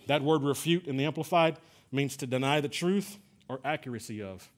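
A man's voice: mid-range voice, brisk. A middle-aged man from Texas preaching a sermon, telling a personal story in a conversational way with many fillers and restarts. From San Antonio, Texas. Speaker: pastor.

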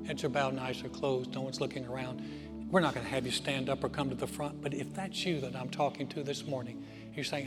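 A male pastor preaching a sermon in a church auditorium, telling stories earnestly and dropping to soft, quiet phrases. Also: mid-range voice, fairly even intonation. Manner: earnest storytelling with dramatic pauses, softening to near-whisper. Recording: reverberant hall with music behind.

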